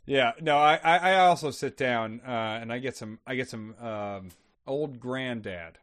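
A man in his forties, a player in a tabletop game, chatting in a wry, self-mocking way that often trails off quietly. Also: mid-range voice, unhurried. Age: 40s. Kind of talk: casual chat during a tabletop game.

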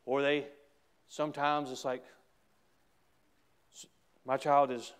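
A middle-aged man with a Southern US accent, preaching a sermon as pastor, swinging from hushed asides to loud, emphatic exclamations. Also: mid-range voice, flat delivery, slow pace, clean tone.

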